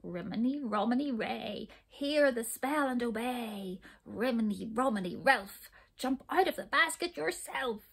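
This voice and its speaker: A woman reading a storybook aloud, voicing a sly, scheming witch who talks slowly and coaxingly in a hushed, breathy voice. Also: mid-range voice, expressive. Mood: chanting. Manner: slow, coaxing and conspiratorial.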